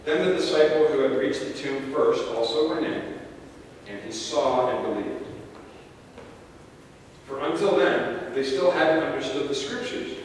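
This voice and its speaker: Man preaching a sermon, slightly high voice, reads scripture with joking asides, far mic in an echoey church hall. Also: a little slow, pauses often, a little hiss or hum. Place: church sanctuary.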